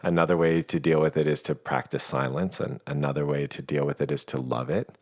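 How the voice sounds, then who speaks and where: A man talking as a podcast guest, explaining ideas in a calm, reflective and playful way. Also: rumbling low, fairly quick. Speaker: guest, coach. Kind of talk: reflective conversation.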